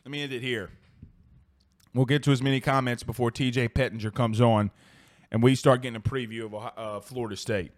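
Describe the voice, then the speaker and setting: Hosting a sports talk show, a man from South Louisiana with the region's accent rants heatedly and profanely while reading live comments. His mid-range voice has fairly even intonation and runs a little fast.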